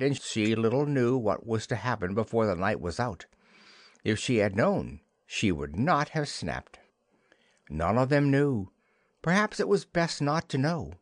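A man narrating a classic children's storybook in an expressive, unhurried way. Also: medium pitch, no room sound, studio quality. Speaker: audiobook narrator.

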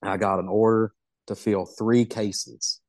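Low, dry-voiced man. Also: fairly even intonation, slow, dry recording. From Southeast Kentucky. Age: middle-aged. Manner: folksy, rambling, self-amused. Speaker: podcast guest. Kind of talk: casual storytelling.

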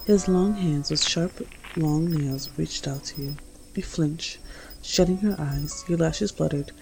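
Low, gravelly woman reading a romance story. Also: takes it slowly, music in the background, poor audio. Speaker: reader. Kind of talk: second-person romance story narration.

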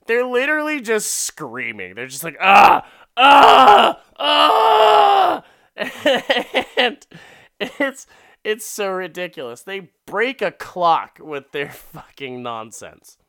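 Guy rambling through a crude movie recap, slow, bright clear voice, dry sound. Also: fairly high pitch, big pitch swings, dry recording. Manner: profane, rambling storytelling with many fillers.

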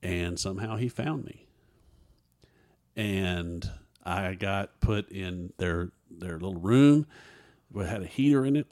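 A man with a twang, speaking lower than most, tells his own story as an interview guest. He is earnest and vivid, and he slips into the voices of the people in the tale. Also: slow, darkish tone. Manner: earnest storyteller who acts out others' dialogue. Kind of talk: telling a personal story.

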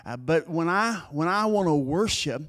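A man's voice: fairly high pitch, lively intonation, a bit bright. Earnest man preaching a sermon. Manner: earnest, plain-spoken, storytelling with pauses and restarts. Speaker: pastor.

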